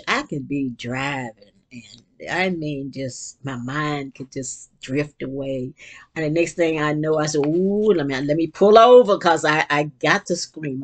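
An older woman talking casually about faith and joy in an earnest, rambling way, often restarting her sentences and breaking into bursts of excitement. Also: low-pitched. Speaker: vlogger reading and reflecting on quotes. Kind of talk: casual spiritual reflection.

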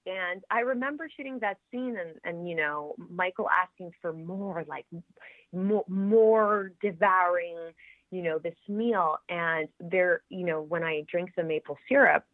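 A woman, an actress being interviewed, chatting in a lively way and laughing often. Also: lowish voice, normal speed, few pauses, no room sound. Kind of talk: casual interview chat. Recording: tinny phone-like line, dry.

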